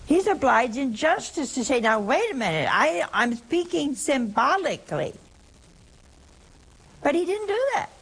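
A woman hosting a call-in program speaks slowly and deliberately. Her voice has a gravelly, rough edge. She answers a caller with emphatic religious teaching, repeats her points and quotes scripture at length. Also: sits high, big pitch swings, a bit bright, rough recording.

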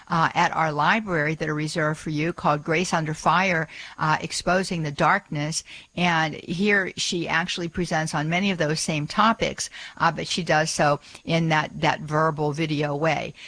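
Bright, lively woman hosting a radio show. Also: deep voice, no echo. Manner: energetic, chatty, with frequent fillers and restarts. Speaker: radio host. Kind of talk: radio talk show chat. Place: radio studio. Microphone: studio microphone.

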